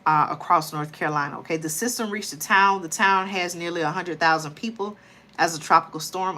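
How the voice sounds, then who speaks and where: A woman's voice: fairly low pitch, brisk, pushed and bright. A woman hosting a late-night livestream, tired and chatty, often talking to viewers as y'all. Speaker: livestream host. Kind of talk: casual livestream talk.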